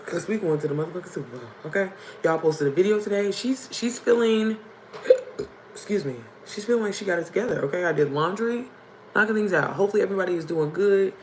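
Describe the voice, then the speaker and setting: A young woman with a hoarse, worn-out voice talks casually straight to her live audience, calling them y'all and baby. Her pitch sits in the middle, and a faint hum of noise runs under her voice. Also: poor audio. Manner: chatty, addresses viewers as y'all and baby. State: hoarse from screaming. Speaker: livestream host. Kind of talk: casual livestream chat.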